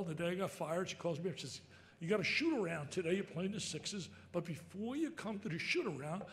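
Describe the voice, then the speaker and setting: An older man telling stories in an excitable, emphatic speech, breaking into shouts. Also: sits high. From New Jersey. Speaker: sportscaster giving an induction speech. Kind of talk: storytelling speech.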